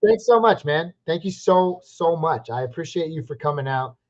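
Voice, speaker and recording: A man from the West Coast hosting a live Q&A stream, chatty and upbeat, giving quick verdicts on viewer questions. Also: a little high, lively intonation. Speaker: fantasy football live stream host. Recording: slightly muffled lo-fi stream audio.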